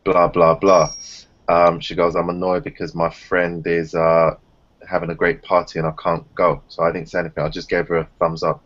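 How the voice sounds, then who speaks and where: A man chatting casually on a group video call, telling stories and acting out other people's voices. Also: moderate pace. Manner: animated storyteller, acts out others in high voices. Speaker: round table panelist. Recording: dull lo-fi call audio.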